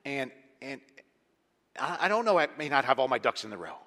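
A man preaching a sermon as pastor, animated and emphatic, dropping to hushed lines and rising to loud ones. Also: on the high side, brisk. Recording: long hall reverb.

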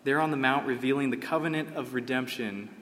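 A man's voice: mid-range voice, fairly quick, fairly bright tone. A man preaching a sermon, telling a story dramatically and rising to impassioned cries. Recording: long hall reverb.

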